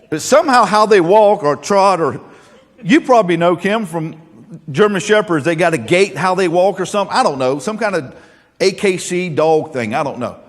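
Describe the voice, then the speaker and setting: A man's voice: high voice, lively intonation, normal speed, big-room sound. A male pastor preaching a sermon, folksy and joking, then earnest and emphatic.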